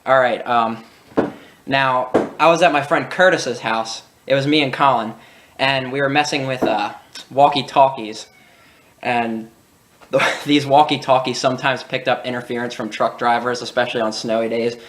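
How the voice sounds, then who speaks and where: A man's voice: medium pitch, moderate pace, noisy background. A young adult man hosting a casual video, telling childhood stories with laughs and acted-out quotes. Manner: animated, laughing, acts out quoted voices. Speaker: channel host. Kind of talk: casual storytelling.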